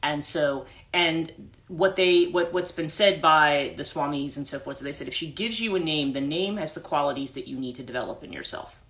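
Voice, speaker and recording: A woman's voice: low-pitched, moderate pace, fairly bright tone. A woman life coach hosting a livestream, telling a story casually with many restarts and asides, into a phone mic.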